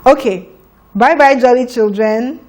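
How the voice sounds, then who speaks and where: Woman phonics teacher for young children, fairly high voice, very slow and deliberate delivery that sounds out each letter.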